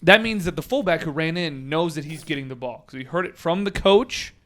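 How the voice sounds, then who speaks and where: Podcast host, male, slightly high voice, animated and laughing storyteller. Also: brisk. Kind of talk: casual chat.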